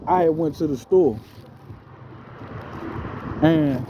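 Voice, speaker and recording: Guy telling his testimony, casual and slangy, higher voice, faint hiss under it. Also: takes it slowly, lo-fi sound. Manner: slangy, addresses listeners as bro. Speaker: storyteller giving a spiritual testimony.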